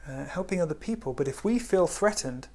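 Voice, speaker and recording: A man giving a spiritual talk in a gentle, unhurried way, often dropping to a hush. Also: fairly high pitch, lively intonation. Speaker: spiritual teacher.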